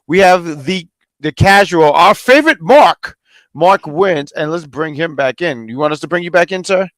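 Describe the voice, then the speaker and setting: A man hosting a casual podcast, lively and jokey, stumbling over his words now and then. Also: on the high side, normal speed, no room sound. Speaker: podcast host.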